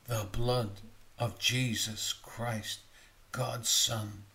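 A man voicing a gentle male evangelist who answers slowly and solemnly. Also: mid-range voice, fairly even intonation, exaggerated voice. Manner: solemn, measured quoting.

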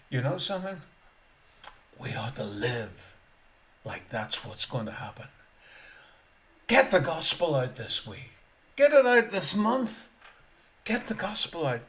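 A man preaching a sermon, emphatic and repetitive, swinging between loud proclamation and quiet asides. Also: on the high side.

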